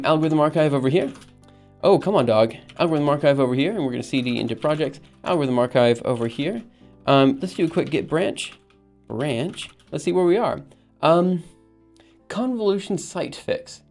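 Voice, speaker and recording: A man's voice: on the high side, a little mellow. A man hosting a casual coding livestream, talking to chat in an upbeat, rambling way with many fillers, with faint music behind him. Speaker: livestream host.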